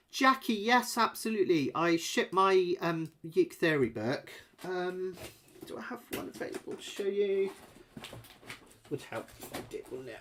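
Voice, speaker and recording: A man's voice: high-pitched, a bit bright. A middle-aged man, rambling and chatty as he hosts a live ukulele lesson Q&A from home. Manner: chatty, rambling, self-deprecating, fillers. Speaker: ukulele teacher.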